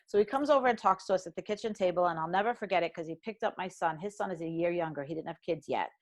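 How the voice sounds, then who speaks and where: Middle-aged New woman, lower voice, animated storyteller, guest on a talk show. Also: quick pace. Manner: animated storyteller acting out quoted dialogue. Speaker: financial professional guest. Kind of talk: candid conversational storytelling.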